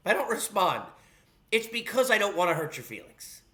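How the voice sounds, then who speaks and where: A man's voice: high-pitched, very animated, normal speed, bright, forceful tone. A man hosting a solo sports talk show, ranting sarcastically and scolding fans with emphatic, heated delivery. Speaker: sports radio host.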